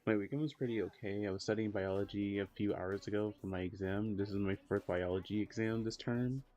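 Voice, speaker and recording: A young man streaming live, reading chat aloud in a laid-back, slangy way, saying he is low on energy. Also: fairly even intonation, brisk, darkish tone. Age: young adult. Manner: laid-back slangy talk, jumps high when teasing chat. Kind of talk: casual livestream chat reading messages.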